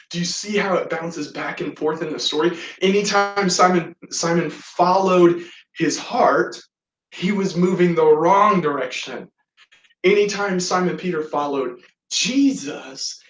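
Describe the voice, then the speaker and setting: A man preaching a sermon, telling a Bible story and acting out its lines. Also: high-pitched. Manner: storytelling preacher, acts out quoted lines with voices. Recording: echoey room, from a distance.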